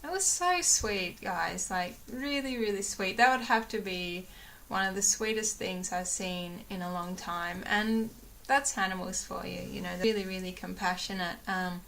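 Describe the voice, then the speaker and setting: A young woman talks to her camera in a small room at home, chatty and rambling, full of fillers. Her voice is bright and clear. She slips into little acted-out quotes of what people said. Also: medium pitch, normal speed, a little hiss or hum. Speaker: vlogger. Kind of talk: casual chat to camera.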